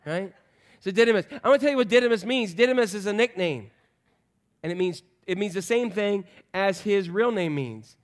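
At a moderate pace, this high-pitched male pastor preaches conversationally. He jokes around and puts questions to the people in the pews.

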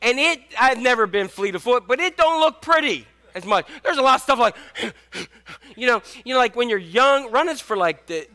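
A man's voice: extremely high pitch, lively intonation, normal speed, bright, forceful tone. A man in his fifties preaching a sermon in a casual, jokey way, restarting often. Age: 50s. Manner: conversational, jokey, many restarts. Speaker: pastor.

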